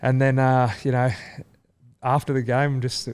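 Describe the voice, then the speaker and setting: A man's voice: medium pitch, completely flat delivery, unhurried, darkish tone, smooth. An Australian man in his thirties, a rugby league player chatting as a guest, rambling with many fillers and restarts. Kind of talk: casual chat.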